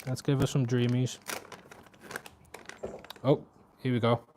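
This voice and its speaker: A man's voice: level tone, takes it slowly, warm tone, slight background noise. A man, chatting casually on a live stream, talking to his cat and reading out viewer comments. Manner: chatty, talks to his cat and viewers, voice jumps high when scolding.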